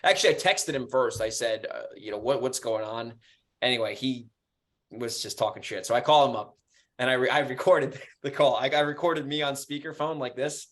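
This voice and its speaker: A man co-hosting a podcast, telling stories in an animated, casual way and swearing freely. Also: medium pitch, brisk. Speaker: podcast co-host.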